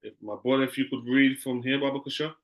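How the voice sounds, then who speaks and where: A man's voice: mid-range voice, steady tone, quick pace. A man teaching a class in a loose, conversational way, often repeating himself.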